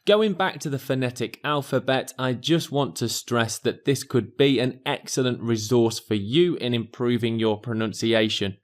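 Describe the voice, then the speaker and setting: A man teaching an exam pronunciation lesson in a clear, deliberate scripted delivery that stresses key words. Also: mid-range voice.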